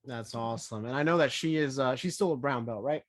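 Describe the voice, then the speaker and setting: A man co-hosting a podcast, asking quick follow-up questions in casual chat. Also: mid-range voice. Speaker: podcast co-host.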